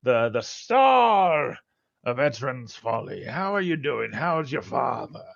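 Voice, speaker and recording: A man voicing an effusive, overexcited male townsman who greets a friend loudly and warmly. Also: mid-range voice, big pitch swings, gravelly, no echo, highs cut off, heavily acted. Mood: gushing. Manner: loud, effusive, drawn-out.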